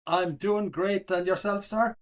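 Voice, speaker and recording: A man's voice: sits high, steady tone, a little slow. A middle-aged Irish man, a podcast guest chatting casually with dry, self-mocking humor. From Ireland. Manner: wry, self-deprecating humor. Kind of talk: casual interview chat.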